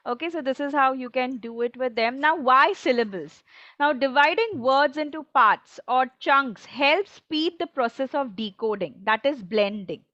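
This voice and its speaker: A woman's voice: sits high, lively intonation, moderate pace, sharp tone, no echo, lo-fi sound. A woman training teachers on a video call, patient and encouraging, often checking that everyone follows.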